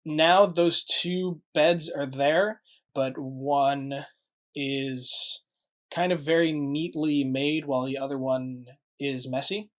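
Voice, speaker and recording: A man's voice: a little high, fairly even intonation, slow, fairly bright tone. A man narrating as game master of a tabletop game, rambling with many fillers.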